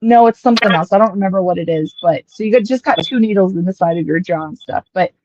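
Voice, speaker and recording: A young woman from Colorado casually telling a long personal story, rambling and quoting people in lively asides. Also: mid-range voice, fast, no room sound, highs cut off. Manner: chatty, rambling, quotes others in lively asides.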